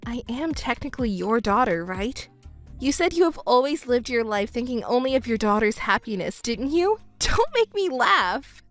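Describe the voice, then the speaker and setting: A woman voicing a cool-headed young stepdaughter who speaks calmly and coldly in a texting story. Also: on the high side, normal speed, faint music behind. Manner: calm, cold and matter-of-fact.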